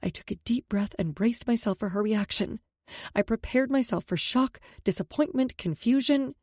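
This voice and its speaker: A woman narrating a first-person romance audiobook in a steady, intimate way. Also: medium pitch, unhurried, husky, no echo, studio quality.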